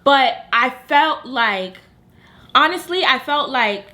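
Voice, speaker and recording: Young woman guest on a storytime vlog, high bright voice, emphatic, cusses a lot. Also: lively intonation, slow pace. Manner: emphatic, slangy and profane, talks straight to viewers. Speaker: guest, best friend of the host. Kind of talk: casual storytime chat.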